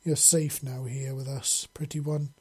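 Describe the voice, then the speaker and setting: A man's voice: medium pitch, little pitch movement, a little slow, darkish tone, breathy edge. Man voicing fierce insectoid alien warrior woman. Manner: vehement, protective.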